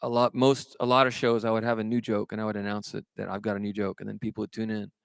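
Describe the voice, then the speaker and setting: A man's voice: fairly low pitch, little pitch movement, quick pace, gravelly, clean tone, no echo, studio quality. A man from California who is a singer-songwriter, chatting and telling self-mocking jokes between songs at a live show. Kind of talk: stage banter and joke-telling between songs.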